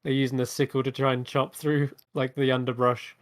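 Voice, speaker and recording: A man's voice: mid-range voice, flat delivery, fairly quick, dry recording. A man who is the dungeon master, narrating a tabletop game in a laid-back way.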